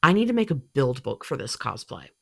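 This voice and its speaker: A woman's voice: a bass voice, sing-song, fairly quick, vocal fry. A young woman talking casually about her cosplay hobby, chatty and full of fillers, her voice congested from allergies. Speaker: cosplay creator. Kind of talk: casual vlog talk.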